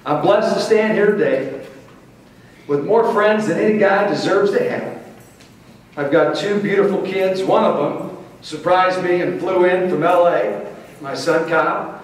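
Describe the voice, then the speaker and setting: A man's voice: high-pitched, unhurried. A middle-aged man from Missouri, giving a folksy acceptance speech as a motivational speaker. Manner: folksy, warm storytelling with playful crowd asides. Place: large banquet hall. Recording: echoey hall, distant mic, faint hiss.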